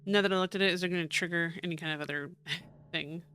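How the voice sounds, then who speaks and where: A woman's voice: on the low side, steady tone, quick pace, bright, forceful tone, slight background noise. A woman casually commenting while playing a puzzle game, thinking aloud, counting and reading notes. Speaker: gaming streamer.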